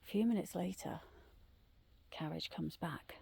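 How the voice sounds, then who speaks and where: A middle-aged woman casually telling ghost stories on a night walk through the woods, often dropping into a hushed whisper. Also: fairly low pitch, unhurried, vocal fry, breathy edge, no echo. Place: woodland trail outdoors at night.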